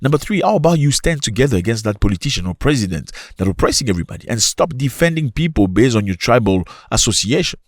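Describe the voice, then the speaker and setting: A man hosting opinionated commentary, talking in an animated way with rhetorical questions and sudden jumps in pitch. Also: quick pace, few pauses, dry recording, clean studio sound. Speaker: commentary channel host.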